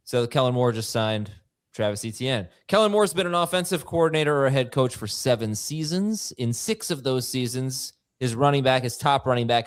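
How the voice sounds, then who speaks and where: A man hosting a fantasy football talk show, energetic and excitable as he rattles off news headlines. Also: medium pitch, no room sound, clean studio sound. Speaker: host. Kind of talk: studio sports talk show.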